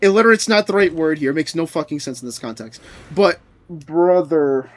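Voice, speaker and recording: A man's voice: a little high, normal speed. A young man streaming, chatting casually with his viewers, answering chat and ranting with frequent laughter and swearing.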